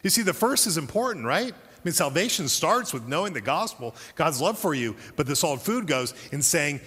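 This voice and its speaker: Male pastor mid-sermon, animated, acts out quotes, long hall reverb. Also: a little high, brisk, hardly any pauses, breathy edge.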